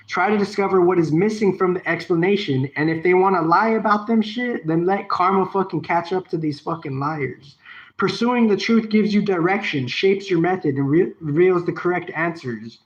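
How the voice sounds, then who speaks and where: A man reading advice aloud and breaking off into rambling, profane asides, sometimes repeating a phrase over and over like a chant. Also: sits high. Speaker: solo video host. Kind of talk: reading a text aloud and riffing on it. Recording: dull lo-fi recording.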